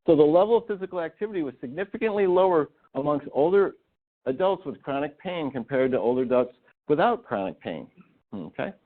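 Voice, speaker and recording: A man giving a continuing-education talk to physical therapists, emphatic and full of rhetorical questions. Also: on the high side. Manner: emphatic, rhetorical questions, acts out patient quotes. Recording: tinny phone-like webinar audio.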